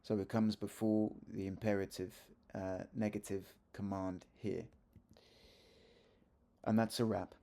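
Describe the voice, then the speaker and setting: A middle-aged Spanish teacher explains grammar in a video lesson at a measured pace, pausing often, his low, gravelly, mellow voice showing fry and little pitch movement. He keeps it chatty and easygoing, correcting himself mid-sentence and adding asides.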